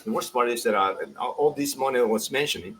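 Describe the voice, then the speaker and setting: A man co-hosting a soccer show in a casual, animated chat, laughing often and restarting his sentences. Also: medium pitch, a little fast, slight background noise, poor audio.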